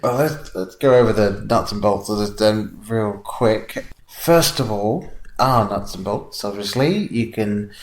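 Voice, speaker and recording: A man co-hosting a podcast in a lowish voice. He reels off details in a dry, matter-of-fact way and laughs along with his partner. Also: unhurried, roomy sound, a little hiss or hum. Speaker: podcast co-host. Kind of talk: casual chat.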